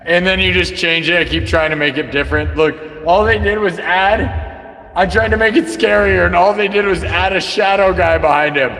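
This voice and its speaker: A man's voice: high voice, fairly even intonation, moderate pace, pushed and bright, long reverb tail. A man hosting a livestream, chatting casually to viewers in an amused way. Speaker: livestream host.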